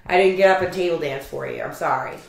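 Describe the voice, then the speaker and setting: A woman co-hosting a casual podcast, telling lively stories about customers, swearing and laughing as she talks. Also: sits low, fast talker, creaky. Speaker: podcast co-host. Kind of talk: casual storytelling chat. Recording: very echoey room.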